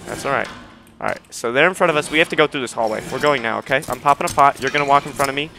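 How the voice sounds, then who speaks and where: A young man playing a game with his dad, giving constant orders, swearing and shouting when excited. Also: mid-range voice, rapid-fire, gravelly, soft background music. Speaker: gamer leading his dad.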